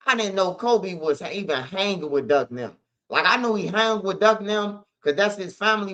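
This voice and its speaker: A man's voice: high-pitched, sharp tone. A man, a show host telling stories in a casual monologue, heavy on street slang and "bro". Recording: slightly dull lo-fi audio.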